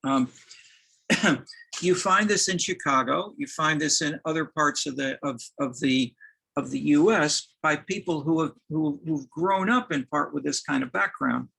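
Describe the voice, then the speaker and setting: A man giving a university lecture, halting, with many restarts and fillers. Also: on the high side, gravelly, sharp tone, breathy edge, low-quality recording.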